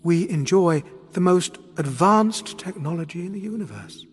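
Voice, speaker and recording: A man voicing a calm, placid alien woman minister with a clear, pleasant voice and a faintly complacent manner. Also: a little high, moderate pace, faint music behind.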